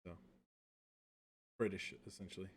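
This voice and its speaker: A man from the United States co-hosting a podcast, chatting casually and teasing his co-host. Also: moderate pace. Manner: teasing, joking. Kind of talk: casual chat.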